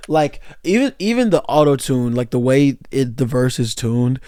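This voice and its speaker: A man's voice: medium pitch, sing-song, moderate pace, hardly any pauses, mellow. A tired young man casually breaking down songs, rambling loosely with lots of fillers and restarts. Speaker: music commentator.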